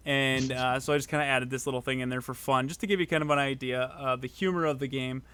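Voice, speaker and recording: A man co-hosting a casual podcast, chatting loosely with many fillers and quick bursts of excitement. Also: medium pitch, clear, resonant tone. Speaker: podcast co-host, mod maker.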